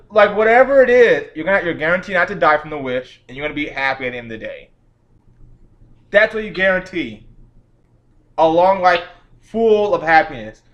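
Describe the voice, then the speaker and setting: A slightly high-voiced man rants through a casual movie review, swearing freely and sounding fed up with the film. The recording sounds dull and lo-fi. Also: a bit bright. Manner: exasperated, profane, laughing at the film.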